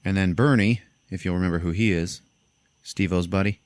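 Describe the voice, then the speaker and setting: A man's voice: a little fast, no room sound. A young man hosting a podcast, casually recapping a movie plot and acting out the characters' lines. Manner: animated storytelling, acts out characters in high voices. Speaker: podcast host.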